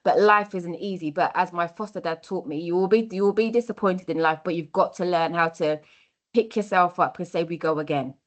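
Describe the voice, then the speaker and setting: A woman's voice: fairly low pitch, brisk. A young adult woman giving a workshop talk, earnest and encouraging, repeating her key phrases. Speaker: workshop speaker on mentoring.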